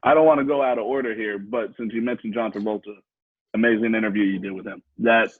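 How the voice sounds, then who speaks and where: A man's voice: fairly low pitch, fairly even intonation, fast, no echo. A man interviewing a guest in a casual, easygoing way, asking questions and backing him up with short replies. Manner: easygoing, brief affirmations, laughs along. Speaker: podcast interviewer. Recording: dry, husky, phone-like line.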